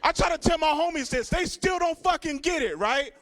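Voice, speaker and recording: On a comedy club stage, a young stand-up from Richmond, California, delivers a crude, swaggering set straight to the crowd. His voice is extremely high, animated, fairly quick and fairly bright.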